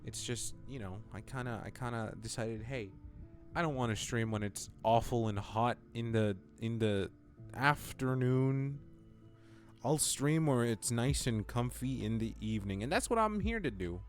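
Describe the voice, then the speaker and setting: A man's voice: medium pitch, animated, a little slow, faint music behind. A young man casually chatting with his stream viewers, rambling and playful. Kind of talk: casual live-stream chat.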